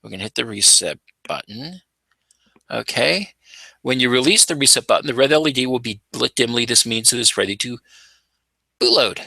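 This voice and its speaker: Playful gravelly man hosting a tinkering stream. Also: medium pitch, expressive, fairly quick, bright, forceful tone, dry recording. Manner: playful, showman-like, mock announcer asides. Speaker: maker channel host. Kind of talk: casual live coding and tinkering commentary.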